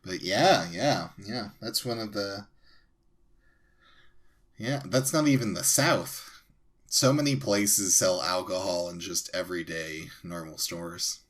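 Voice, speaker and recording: A man's voice: sits low, slow, a bit bright, husky. A young man co-hosting a podcast, laid-back in casual chat with short replies. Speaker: podcast co-host.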